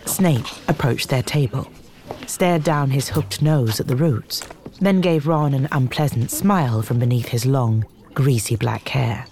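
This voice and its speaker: A woman narrating a children's novel in a measured, expressive reading. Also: a bass voice, a little hiss or hum. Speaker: audiobook narrator. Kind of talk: storybook narration.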